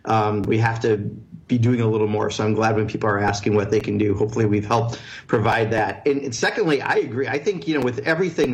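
A man's voice: mid-range voice, poor audio. Plain-spoken congressman, full of fillers. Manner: earnest, blunt, many fillers. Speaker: congressman guest. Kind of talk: radio call-in answers.

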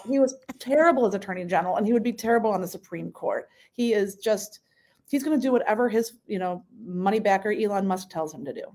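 A woman's voice: mid-range voice, a little mellow. Earnest woman, plainspoken radio guest. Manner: earnest, plainspoken, some restarts. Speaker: state senator, radio guest. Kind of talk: casual radio interview.

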